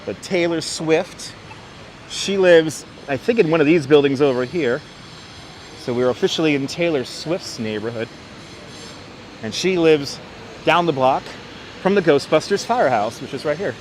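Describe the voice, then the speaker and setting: A man streams a chatty outdoor walking tour of the city, calling out viewers by name. His voice is a little high with lively intonation, moving at a moderate pace broken by long pauses, and slightly congested from illness. The wireless lavalier captures faint street and traffic noise.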